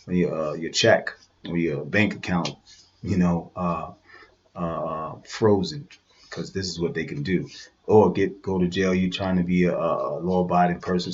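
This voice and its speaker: A man hosting a show, giving rambling, conversational commentary with many restarts. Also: deep voice. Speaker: show host. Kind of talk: casual commentary over a played video. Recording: dull lo-fi sound.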